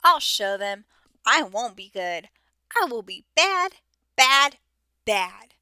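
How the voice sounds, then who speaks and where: A woman's voice: a little high, very animated, takes it slowly, bright, forceful tone, clear, resonant tone, no room sound, studio quality, full character voice. A woman voicing a shy, misunderstood big bad wolf who talks sweetly and sulks when he is hurt. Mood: angry. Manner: sweet and eager to please, sulky when hurt.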